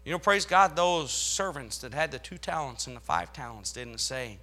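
Animated, forceful preaching man. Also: mid-range voice, normal speed. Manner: preaching with dramatic swells in loudness, reading scripture aloud. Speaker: pastor. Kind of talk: sermon.

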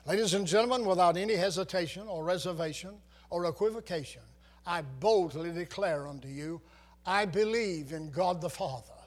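A man's voice: high-pitched, normal speed. A man preaching a sermon, reciting scripture with dramatic, swelling emphasis.

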